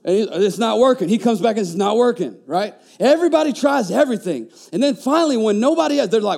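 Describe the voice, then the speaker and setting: A man, preaching a conversational sermon, telling stories with lively stammering restarts. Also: sits high, quick pace, creaky, hardly any pauses. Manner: animated storytelling, stammering restarts. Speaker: pastor.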